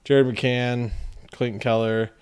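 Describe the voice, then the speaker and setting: A man hosting a card-opening video, chatting casually and joking as he reads off names in quick runs. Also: medium pitch, level tone, a little mellow, clean tone. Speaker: card-opening channel host. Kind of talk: casual commentary while opening card packs.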